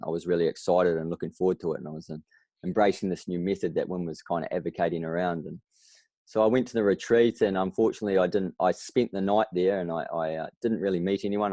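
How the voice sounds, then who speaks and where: A man with a New Zealand accent, a podcast guest, telling stories in a lively way and acting out the voices of the people he quotes. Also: low-pitched, no room sound. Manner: animated storyteller, acts out quoted voices. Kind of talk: casual interview.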